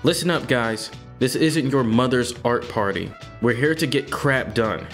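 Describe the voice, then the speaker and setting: A man's voice: mid-range voice, measured pace, a bit bright, faint music behind. A man reading the lines of a pretentious young artist in a game, earnest and self-serious.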